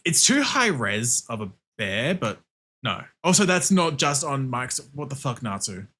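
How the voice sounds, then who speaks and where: A man streaming a game and chatting casually, excitable, laughing a lot and swearing often. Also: mid-range voice, measured pace, breathy edge. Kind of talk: casual livestream chat while gaming.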